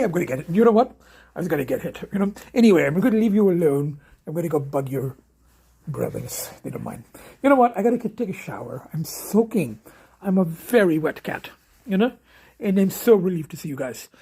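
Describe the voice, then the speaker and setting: Very breathy, mellow-voiced man vlogging. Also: high voice. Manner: halting, trails off, drops to near whispers. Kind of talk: casual vlog talk to camera.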